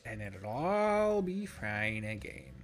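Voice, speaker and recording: A man's voice: very animated, slow pace, faint music behind. A man streaming a strategy game, rambling in casual commentary, swearing freely and joking at his own expense. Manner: lowers voice at times so a roommate's call isn't disturbed.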